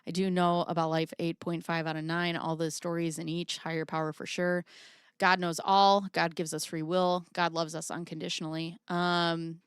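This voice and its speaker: A woman's voice: lowish voice, flat delivery, normal speed, clear, resonant tone, no echo, clean studio sound. Chatty, frank woman livestreamer. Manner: chatty, swears freely, reads chat aloud. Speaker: livestream host. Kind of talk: casual livestream commentary.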